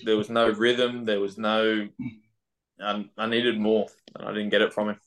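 A young man with an Australian accent, chatting loosely as a footballer guest on a podcast, laughing easily. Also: lowish voice. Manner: relaxed, laughing, halting with fillers. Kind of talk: casual podcast interview.

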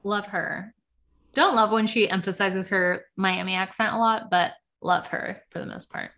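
With a creaky, pushed, bright mid-range voice at normal speed, a young woman co-hosts a podcast. She chats and gossips about a reality show, filling her talk with "like."

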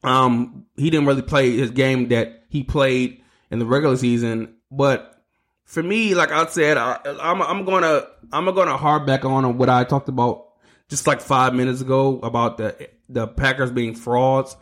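A man's voice: mid-range voice, moderate pace, a bit bright. A man hosting his own sports podcast, ranting heatedly, swearing and stumbling over his words. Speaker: podcast host. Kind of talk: solo sports podcast rant.

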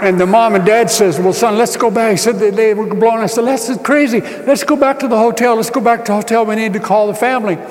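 A man preaching a sermon, telling a story with acted-out dialogue and rising to shouts. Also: high-pitched, fairly even intonation, quick pace, few pauses, in a large hall. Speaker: pastor.

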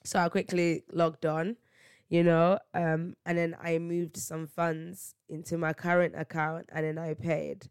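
A woman chats through a casual solo podcast, spinning slangy anecdotes with lots of laughter. She acts out what people said in her stories. Her voice sits on the lower side for a woman and is recorded dry and close. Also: measured pace, clear, resonant tone, no room sound. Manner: animated storytelling, slangy, laughs often, acts out quotes. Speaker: podcast host.

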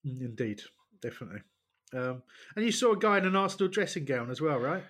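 A man co-hosting a casual football podcast, sarcastic and quick to laugh. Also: mid-range voice, very animated, a bit bright. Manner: jokey, sarcastic, laughs often. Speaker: podcast co-host.

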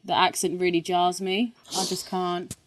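A young woman with an English accent, co-hosting a podcast in casual chat, who swears freely and tells stories in quick bursts. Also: lowish voice, little pitch movement, no echo. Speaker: podcast co-host.

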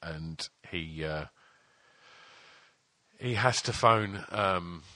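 A man's voice: low-pitched, extremely slow, sharp tone, no room sound. A man co-hosting a podcast, talking in a casual, teasing way with lots of swearing and fillers. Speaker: podcast co-host. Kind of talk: casual chat.

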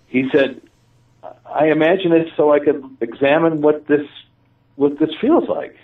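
A man telling stories in a casual conversation, animated and laughing, with many fillers and restarts. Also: a little high, a little slow. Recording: distant, tinny phone-like audio.

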